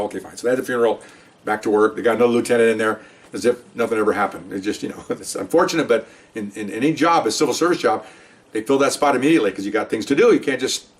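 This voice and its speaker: Fast-talking man telling a cop story. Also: mid-range voice, recorded from a distance. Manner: rambling, conversational, quotes others with animated voice. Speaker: retired police commander telling a story. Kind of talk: casual storytelling to camera.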